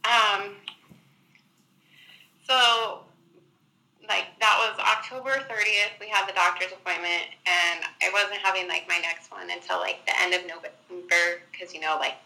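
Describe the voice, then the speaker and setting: Young woman, guest, very bright tone, chatty storytelling, lots of fillers. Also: fairly low pitch, flat delivery, unhurried, creaky, low-quality recording. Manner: chatty, many "like" fillers, acts out quotes. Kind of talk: casual personal storytelling.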